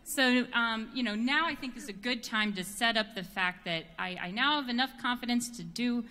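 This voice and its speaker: A woman's voice: a little high, moderate pace, pushed and bright, clean tone. An American woman singer telling a giggly, self-deprecating story between songs on a concert stage. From United States. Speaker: quartet bass singer. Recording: reverberant concert hall.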